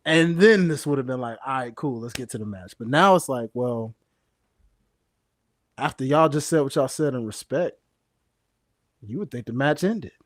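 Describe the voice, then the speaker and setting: A man co-hosting a casual wrestling podcast, speaking emphatically with drawn-out stresses. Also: medium pitch, lively intonation, no room sound, studio quality. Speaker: podcast co-host.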